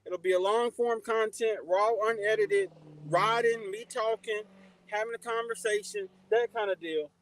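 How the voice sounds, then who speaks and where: A man's voice: high voice, steady tone, normal speed, a little hiss or hum, poor audio. A man hosting a casual motivational livestream, greeting viewers by name and giving life advice. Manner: shouts out chat viewers warmly by name, preachy advice. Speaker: livestream host.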